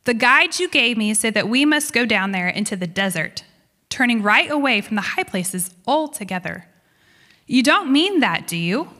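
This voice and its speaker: A woman's voice: a little high, sing-song, moderate pace, sharp tone, in a large hall. A woman reading aloud as a fearful young female pilgrim, pleading and despairing as she questions her guide.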